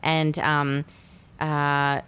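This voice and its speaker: A woman with an unusually low, smooth voice talks through a film's plot in casual conversation. She tells the story with energy and acts out the characters' quoted lines. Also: completely flat delivery, very slow, a bit bright. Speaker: film discussion co-host. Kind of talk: casual chat recapping a film.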